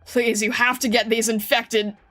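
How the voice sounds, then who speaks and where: Woman voicing a gruff wary farmer man. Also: a little high, flat delivery, normal speed, pushed and bright. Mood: grumbling. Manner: gruff, blunt and grumbling. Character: wary, defensive middle-aged male farmer.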